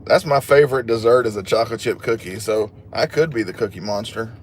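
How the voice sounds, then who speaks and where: A man's voice: fairly low pitch, a little fast, a little hiss or hum. A man hosting a casual livestream, chatting with viewers and joking at his own expense. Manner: chatty and joking, laughs at himself. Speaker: livestream host. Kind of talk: casual live chat, reading viewer comments.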